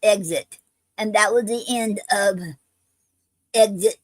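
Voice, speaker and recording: A woman's voice: mid-range voice, no echo, poor audio. A woman hosting a poetry show, reading a play aloud along with its stage directions. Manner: unhurried, reads out stage directions and speaker names.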